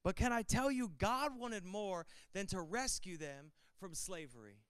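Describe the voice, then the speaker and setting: A man's voice: sits high, measured pace, fairly bright tone, clear, resonant tone, no echo. A man preaching a sermon as pastor, building emphasis with repetition and calls to open the Bible.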